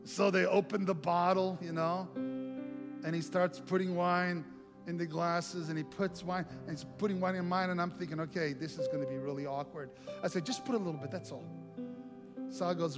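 A middle-aged male pastor telling a lively personal story in a sermon, acting out the other voices in it. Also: sits high, moderate pace. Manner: animated storytelling with quoted voices. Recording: long reverb, faint music.

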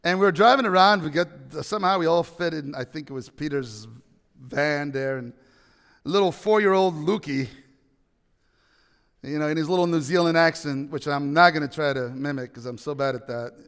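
Male pastor, high voice, dynamic sermon delivery, big reverberant hall sound. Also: normal speed, clean tone. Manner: dynamic preaching, swings from loud to hushed storytelling.

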